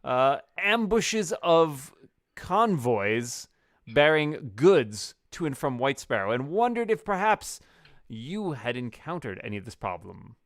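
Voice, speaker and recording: A man playing a boastful male bard who is grandly polite and flatters himself. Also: medium pitch, slow, dry recording, studio quality. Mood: courteous. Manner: pompous, self-flattering politeness.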